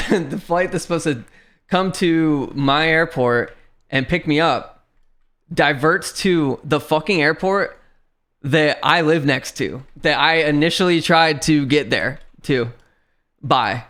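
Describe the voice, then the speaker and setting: Speaking slowly in a slightly high voice, a young man relates a frustrating story during a casual livestream chat. The retelling is animated, full of swearing and punctuated by laughter.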